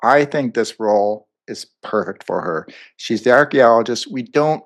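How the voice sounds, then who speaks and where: A man co-hosting a movie review podcast talks casually with lots of fillers and asides, rambling in an animated way. His voice is mid-range at a normal speed.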